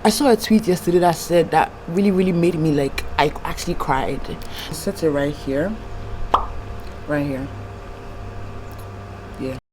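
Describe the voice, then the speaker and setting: A woman's voice: low-pitched, measured pace, pauses often, background noise. A young woman vlogging about personal struggles, candid and rambling, close to tears. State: tearful, trying not to cry. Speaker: YouTube vlogger. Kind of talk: personal confessional vlog.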